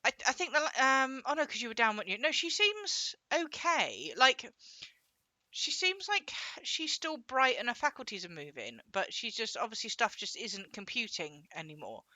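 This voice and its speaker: A woman's voice: a little high, sing-song, moderate pace, pushed and bright, no echo. A young woman chatting casually while gaming, rambling and acting out quoted voices as she tells a story. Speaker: gaming co-host.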